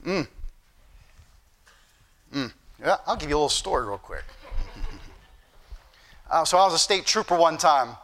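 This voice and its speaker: A man's voice: on the high side, animated, a little slow, long pauses, a bit bright. A middle-aged man preaching a sermon, telling stories and acting out the dialogue with rising emphasis.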